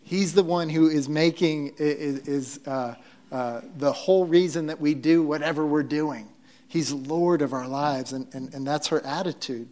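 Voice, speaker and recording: A man's voice: a little high, normal speed, a little mellow. A man preaching a sermon in a conversational, joking way, often restarting his sentences. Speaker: pastor.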